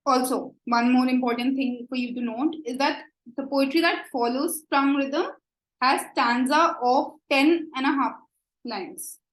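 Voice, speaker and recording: A woman with an Indian English accent giving an exam coaching lecture, slow and deliberate, often checking with "right?". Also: high-pitched, reverberant, rough recording. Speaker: teacher.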